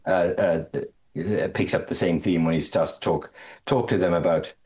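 A man leading a Bible study, explaining a passage in a halting way, often repeating words and lifting his voice on quotations. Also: fairly even intonation, darkish tone. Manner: halting, repeats words, stresses phrases with rising pitch. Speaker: Bible teacher.

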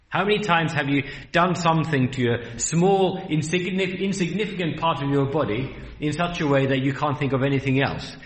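A man preaching a sermon in an earnest, rhetorical way, slowing down and speeding up for emphasis. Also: on the high side, fairly bright tone, reverberant.

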